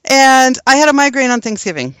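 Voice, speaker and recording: A woman's voice: sits high, expressive, brisk, fairly bright tone, clear, resonant tone, dry recording. Middle-aged woman, podcast co-host, chatty and rambling, dry close mic. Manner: chatty, rambling, many ums and laughs. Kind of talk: casual chat.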